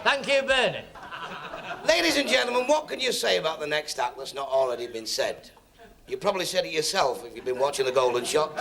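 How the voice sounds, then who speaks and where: A man's voice: fairly high pitch, sing-song, a little fast, creaky. A man compering at a club, introducing the next act with dry joking banter. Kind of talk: introducing acts. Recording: old club recording with crowd laughter and noise.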